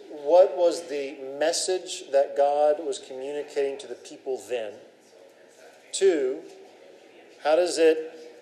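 A man's voice: a little high, dark tone, a little hiss or hum, rough recording. Conversational male Bible teacher. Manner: asks the class questions, conversational with fillers.

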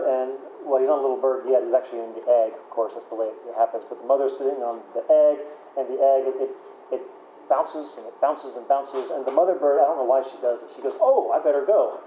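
A pastor preaches conversationally in a voice on the high side with a dark tone, often repeating words and using fillers. The audio is poor and reverberant, with a little hiss or hum.

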